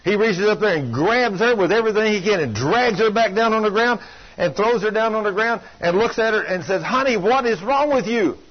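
An older man preaching a sermon, telling folksy stories that swing from loud to hushed. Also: sits high, a little fast. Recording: dull lo-fi sound.

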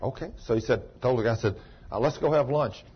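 A male preacher with a husky, slightly rough voice, caught on a dull lo-fi recording. He bursts into ecstatic high cries, then drops into a low, conversational storytelling voice. His pitch is mid-range for a man. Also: brisk. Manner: swings from ecstatic shouts to low retelling. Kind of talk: sermon storytelling.

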